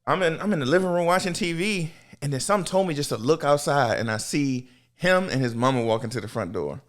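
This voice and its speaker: A young man, a podcast host, telling a story in casual talk and jumping into high voices for the people he quotes. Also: lively intonation, fast talker.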